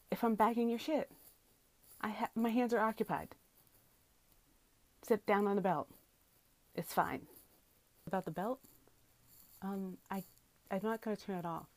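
A woman cashier venting about her customers in a loose, exasperated monologue, swearing as she goes. Her voice sits fairly low. The sound is dry and close, with almost no room in it. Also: darkish tone, no room sound. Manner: exasperated, incredulous, swears freely. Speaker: grocery store cashier. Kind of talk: casual ranting monologue. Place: inside a closet.

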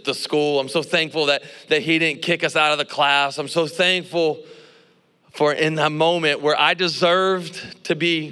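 A young man preaching with a bright, forceful voice, slightly high for a man. He tells his story in an animated way, acting out each exchange. The sound rings out with a long hall reverb. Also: smooth. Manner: animated storytelling, acting out quotes, frequent laughs and asides. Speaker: pastor. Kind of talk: sermon with personal story.

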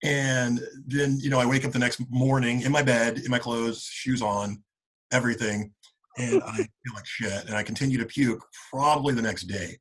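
Husky man rambling through an old story. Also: medium pitch, moderate pace, rough recording. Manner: rambling anecdotes with lots of "like"; acts out friends' lines in animated voices. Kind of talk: casual storytelling among old friends.

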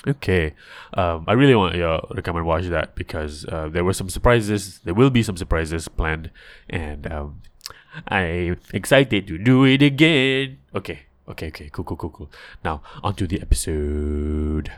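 A man's voice: low-pitched, normal speed. A man giving a casual, upbeat podcast introduction, full of fillers and plugs for an upcoming show. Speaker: podcast host.

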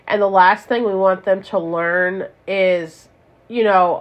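A woman's voice: medium pitch, steady tone, slow, muffled recording. A woman hosting a casual solo podcast, talking candidly and rambling with lots of "like" and "you know". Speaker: podcast host and parent.

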